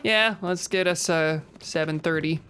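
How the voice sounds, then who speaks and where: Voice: mid-range voice, measured pace, sharp tone. Game streamer, casual commentary, rambling, self-interrupting, chuckles, faint background music.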